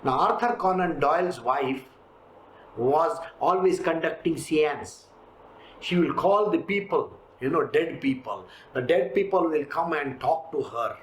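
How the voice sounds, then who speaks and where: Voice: medium pitch, unhurried. Emphatic spiritual teacher. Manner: emphatic, rhetorical questions, lively storytelling. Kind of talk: scripture lecture. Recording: roomy echo, faint background hiss.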